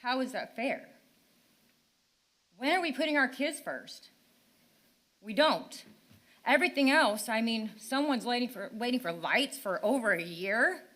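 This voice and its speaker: An older woman addresses a town council during public comment, frustrated and pleading. Her voice is bright and sits fairly high, and it sometimes breaks as she talks. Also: animated, unhurried, pauses often. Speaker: resident speaking at public comment.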